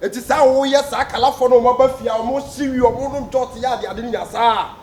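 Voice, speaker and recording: Loud, teasing man in an echoey room. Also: extremely high pitch, fairly even intonation, quick pace, faint music behind. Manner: loud, shouting out names and teasing. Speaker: comedy actor. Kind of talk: Ghanaian comedy skit acting. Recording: echoey room with faint background noise.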